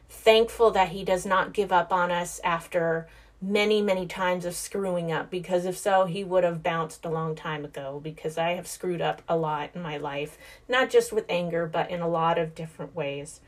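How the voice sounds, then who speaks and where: A woman in her thirties hosting a podcast, talking about her faith in an earnest, heartfelt way and speaking straight to her listeners. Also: on the low side. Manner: conversational, with frequent "like" and restarts. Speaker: podcast host. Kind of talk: casual faith-based talk.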